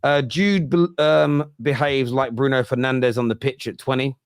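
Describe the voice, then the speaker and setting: A man hosting a football fan show, reacting fast to viewer comments in casual discussion. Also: medium pitch, steady tone, clear, resonant tone, dry recording, clean studio sound.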